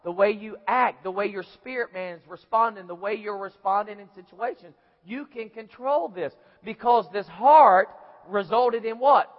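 A man's voice: high voice, moderate pace. A man preaching a sermon in a folksy storytelling way, acting out little scenes and voices. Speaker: pastor. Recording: echoey hall, dull lo-fi sound.

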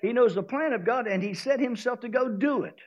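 A man's voice: very high voice, brisk, lo-fi sound. A male pastor with a Southern US accent, preaching a sermon and acting out the voices in his story.

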